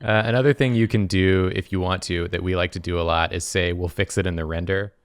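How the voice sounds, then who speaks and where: Deep-voiced man cracking dry jokes. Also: fairly even intonation, fairly quick, smooth. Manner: dry jokes, bursts of laughter. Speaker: show artist co-host. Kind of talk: casual banter.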